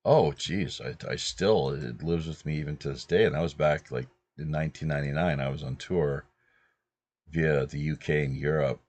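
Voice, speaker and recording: Man in his 50s, extremely low voice, dry close sound, rambling relaxed host. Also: moderate pace, no room sound. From British Columbia, Canada. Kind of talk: casual anecdotal chat.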